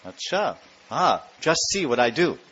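A man voicing a playful, mischievous little boy who calls out to his friends with teasing excitement. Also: mid-range voice, unhurried, husky, exaggerated voice. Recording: dull lo-fi recording.

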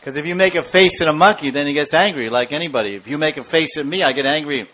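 A man tells devotional stories with lively energy, acting out the scenes and putting asides to his listeners. His voice sits somewhat high for a man. The recording sounds dull and lo-fi. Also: quick pace, slight background noise. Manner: animated storyteller acting out scenes, with asides to the audience. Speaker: spiritual speaker. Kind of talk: devotional storytelling talk.

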